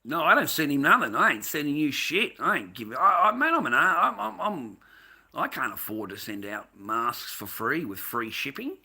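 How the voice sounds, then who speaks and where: A man's voice: a little high, big pitch swings, normal speed, bright, forceful tone, breathy edge. An Australian man, a mask maker, ranting and rambling on a live stream at home, swearing constantly and laughing often. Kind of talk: casual live-stream rant.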